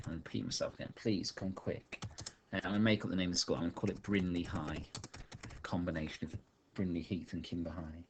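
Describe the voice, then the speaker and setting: A male teacher thinking aloud as he writes a story, dictating sentences slowly while typing. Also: deep voice, steady tone, noisy background. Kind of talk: online writing lesson while typing.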